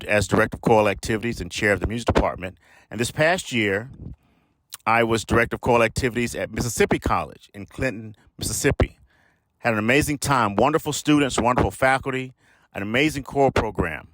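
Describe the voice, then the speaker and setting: A man from Alabama, a choral conductor telling stories in a lively, conversational way. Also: medium pitch, brisk. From Alabama, USA. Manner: animated storyteller, acts out his own past thoughts. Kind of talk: conversational storytelling.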